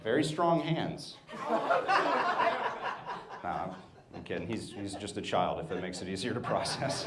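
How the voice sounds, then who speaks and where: A man's voice: fairly low pitch, roomy sound, very noisy. A man in his thirties telling stand-up stories about his family on a club stage. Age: 30s. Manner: storytelling, acts out family members in quick bits. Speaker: stand-up comedian. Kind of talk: stand-up set. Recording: live club audience laughter. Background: laughing audience.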